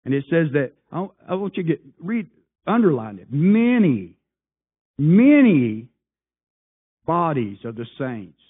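A man preaching a sermon, firing off rhetorical questions and swinging between loud appeals and hushed asides. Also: a little high. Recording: tinny phone-like sound.

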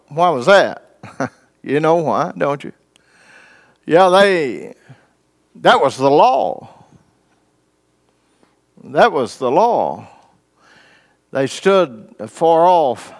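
A man preaching a sermon, reading scripture and asking his congregation questions in a folksy way. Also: high-pitched. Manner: folksy, asks the congregation questions, dramatic pauses.

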